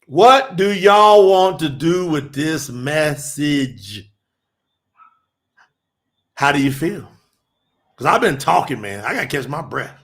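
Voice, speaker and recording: A man preaching fervently on a livestream, shouting scripture and then reading from his chat. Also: on the high side. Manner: shouts and drawls, reads chat aloud.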